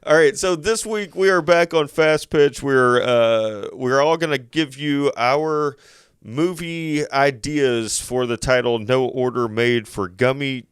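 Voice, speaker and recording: Male podcast host, smooth clean voice, dry close sound, rambling chat. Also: mid-range voice, slow, no echo. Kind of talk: casual comedy podcast chat.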